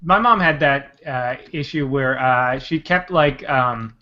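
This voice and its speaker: A man's voice: medium pitch, lively intonation, slow pace, lo-fi sound. A man on a casual podcast telling a rambling family travel anecdote with many fillers. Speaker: podcast co-host. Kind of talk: casual chat.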